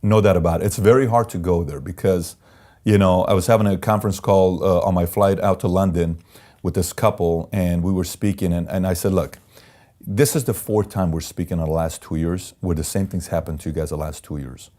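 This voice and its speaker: A man who is an entrepreneur, being interviewed and telling candid stories in an animated, emphatic way that repeats key phrases. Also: low voice, fairly quick. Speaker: entrepreneur guest.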